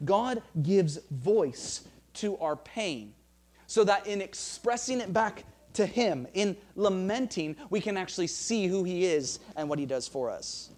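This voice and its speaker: A man's voice: high-pitched, animated, a little slow, a little mellow. A man preaching a sermon as pastor, earnest, often restarting phrases and reading scripture aloud.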